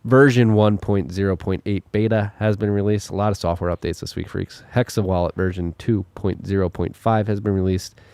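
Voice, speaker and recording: Deep-voiced joking male podcast co-host. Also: steady tone, a little fast, vocal fry, hardly any pauses, mellow, smooth, dry recording. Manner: joking, laughs often, reads release list. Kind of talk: casual podcast chat.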